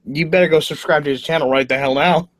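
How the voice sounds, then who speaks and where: A man's voice: a little high, steady tone, fast, a bit bright, no echo. A man chatting on a group livestream, teasing the others and laughing easily. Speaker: livestream guest. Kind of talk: casual group livestream chat.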